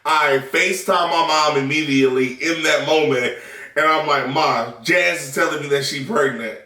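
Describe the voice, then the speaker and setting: This new dad and vlogger from the Southern United States spins a story in a relaxed vlog chat, swearing and laughing as he goes. He speaks at a moderate pace in a sharp voice that sits on the high side. The sound is echoey, picked up from a distant mic.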